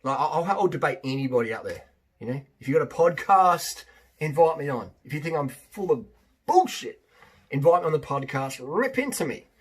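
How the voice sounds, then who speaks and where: A man's voice: on the high side, sing-song, moderate pace, breathy edge. A man, a fitness coach, talking in a casual, rambling monologue, emphatic and prone to repeating himself.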